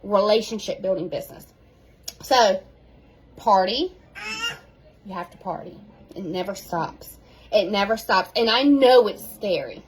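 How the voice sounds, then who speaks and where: A woman, a sales team leader giving an animated, casual pep talk at home, repeating key phrases for emphasis. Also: mid-range voice, measured pace, pauses often, slight background noise, low-quality recording.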